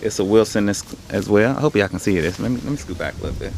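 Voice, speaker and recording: A young man chats through his haul at an easy, rambling pace, dropping slang as he goes. His voice sits a little on the low side. Soft music plays faintly underneath. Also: expressive, fast, creaky, few pauses. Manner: laid-back, rambling, slangy. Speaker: online reseller showing his haul. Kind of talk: casual haul video.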